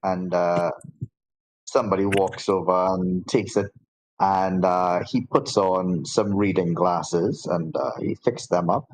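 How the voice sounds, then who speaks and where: A man's voice: low voice, steady tone, takes it slowly, a little hiss or hum, rough recording. A man running a tabletop game as dungeon master, narrating casually with lots of ums and restarts.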